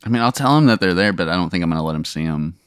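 A man's voice: low voice, expressive, very fast, smooth, no echo. A man playing in a tabletop game, asking dry, hesitant questions. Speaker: player, comedian. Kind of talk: casual game play.

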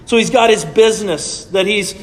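A man's voice: sits high, normal speed, in a large hall. A man preaching a sermon to his church in a conversational way, often checking in with his listeners. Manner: conversational preaching with frequent "right?" asides. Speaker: pastor. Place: church sanctuary.

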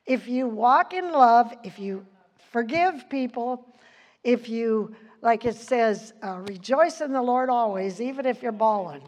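A woman's voice: fairly high pitch, slow pace, a little mellow. An older woman giving an informal Bible teaching, chatty, quoting scripture and laughing often.

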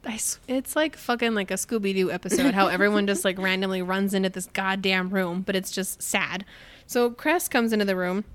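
A young woman co-hosting a casual book podcast, retelling scenes with lots of laughter and acted-out quotes. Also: medium pitch. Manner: animated storytelling, quick to laugh, acts out quotes. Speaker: podcast co-host.

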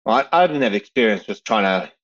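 Fast-talking man, rambling storyteller. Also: lowish voice, expressive, fairly bright tone, highs cut off. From South Africa. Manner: rambling, many fillers and restarts. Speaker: guest, retiring pro cyclist. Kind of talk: casual storytelling interview.

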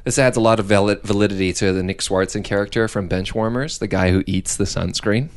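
A young man chats casually over beers on a podcast. He tells his stories in an animated way, laughing often. His voice sits a little low. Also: brisk. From Canada. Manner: animated storyteller who acts out quotes and laughs often.

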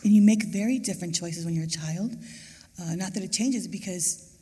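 A woman speaks with a dark, husky, gravelly voice, earnest and halting as she gives a personal testimony at a church service. Her words ring out with the long reverb of a large church auditorium. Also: on the low side. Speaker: mother of a murder victim, guest on stage.

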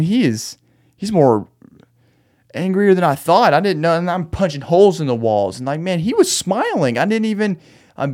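This solo late-night podcast host has a slightly high, somewhat mellow voice. Agitated and wound up, he rants in a rambling, restless way into his podcast microphone, laughing through his anger.

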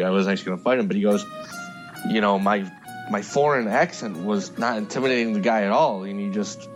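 A man in casual chat about a TV show, retelling anecdotes in a relaxed way. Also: fairly low pitch. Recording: dull lo-fi audio.

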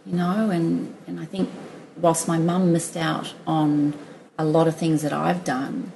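A middle-aged woman with a low, gravelly voice tells personal stories in a relaxed interview. She is chatty, laughs easily and restarts her sentences often. Faint background hiss sits under her voice. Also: unhurried, low-quality recording. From Australia. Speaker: guest. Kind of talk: casual storytelling interview.

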